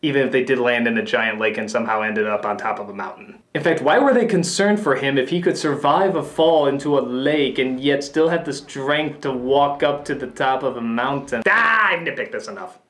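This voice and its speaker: A man giving a comedic film review in the style of a famous critic, ranting and sarcastic, breaking into sudden high yells. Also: lively intonation, brisk, hardly any pauses. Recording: echoey room with faint music.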